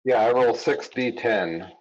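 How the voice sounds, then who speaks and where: A man at a tabletop game who talks through his moves with pauses and fillers. His voice is mid-pitched and comes through a dull, lo-fi mic. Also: darkish tone. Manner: hesitant, filler-heavy. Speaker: player. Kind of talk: casual tabletop play.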